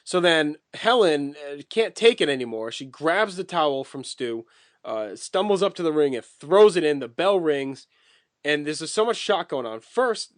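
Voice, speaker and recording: A man co-hosting a podcast, walking through a wrestling match blow by blow in relaxed, casual chat with occasional swearing. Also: on the high side, dry recording, studio quality. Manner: detailed play-by-play recounting, swears casually. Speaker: podcast co-host.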